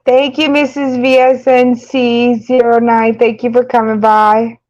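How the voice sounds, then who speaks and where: A woman's voice: a little high, little pitch movement, measured pace, darkish tone, dull audio. A woman with a New York accent chatting casually with live-stream viewers, rambling with lots of fillers and frequent laughs. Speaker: makeup channel host.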